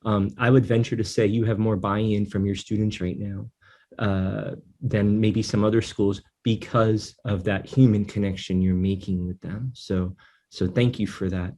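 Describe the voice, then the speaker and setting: A man co-hosting a podcast, speaking in a halting, heartfelt way with many fillers. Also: fairly low pitch, steady tone, dark tone. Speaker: podcast co-host. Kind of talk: casual podcast chat.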